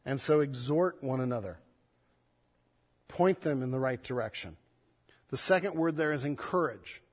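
A man, a pastor, preaching a sermon, swinging between loud emphatic stress and soft, hushed passages. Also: medium pitch, moderate pace, husky, long reverb tail.

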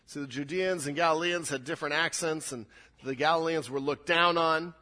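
A man's voice: a little high, normal speed, sharp tone. A man preaching a sermon, acting out quoted lines with rising intensity. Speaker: pastor.

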